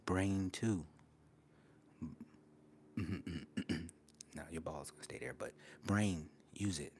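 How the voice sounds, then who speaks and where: A man's voice: sits low, very slow, a little hiss or hum. Laid-back man chatting on a livestream. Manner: laid-back, animated, slangy, talks to chat as "y'all". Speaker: livestream host. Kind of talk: casual livestream chat.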